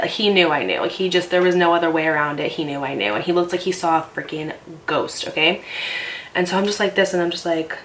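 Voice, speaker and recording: A young woman with a somewhat low voice tells a dramatic personal story for her vlog. She talks in an animated, emphatic way and swears freely. A faint hiss sits under her voice. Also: quick pace. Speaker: YouTuber telling a personal story.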